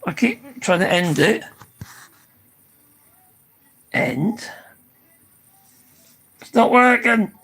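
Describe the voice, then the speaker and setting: Older live-stream host, gravelly and husky, tired and hoarse, chatty and prone to casual swearing. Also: medium pitch, lively intonation, takes it slowly, a bit bright, soft background music, rough recording. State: tired, losing voice.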